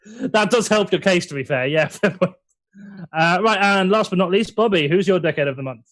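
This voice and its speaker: A man's voice: high voice, expressive, moderate pace, a bit bright. A man hosting a comedy panel show over a video call, laughing often and teasing the guests. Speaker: game show host.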